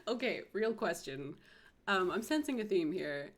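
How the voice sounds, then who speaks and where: A woman's voice: mid-range voice, animated, measured pace. A woman hosting a casual live-stream interview with voice actors, giggly and enthusiastic as she asks questions. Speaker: host.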